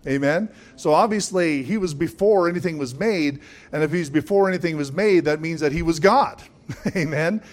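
A man's voice: on the high side, moderate pace. A man preaching a sermon, emphatic, with frequent calls of "Amen?" and chuckling asides. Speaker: pastor.

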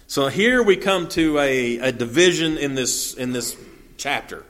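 A man's voice: on the high side, a bit bright. A man teaching a verse-by-verse Bible study. He reads the scripture aloud and then explains it in plain, folksy talk with fillers and restarts.

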